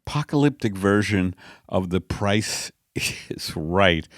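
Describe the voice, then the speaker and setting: A man's voice: deep voice, expressive, slow pace, no room sound, clean studio sound. A man hosting a comedic podcast who laughs often and swings between mutters and outbursts. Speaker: podcast host. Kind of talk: comedic podcast chat and mock guided meditation. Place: podcast studio.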